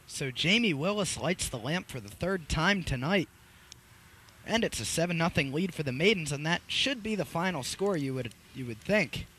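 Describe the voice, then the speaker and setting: A young man doing live play-by-play commentary on a school field hockey game, getting loud and excited on goals. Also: on the high side, moderate pace, slight background noise. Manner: energetic, rises sharply on goals. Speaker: play-by-play announcer.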